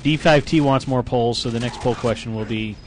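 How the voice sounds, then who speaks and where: A man hosting a live gaming stream, reacting excitedly and commenting on the action. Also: medium pitch, fairly quick. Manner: excitable, reacts loudly to gameplay. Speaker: game stream host.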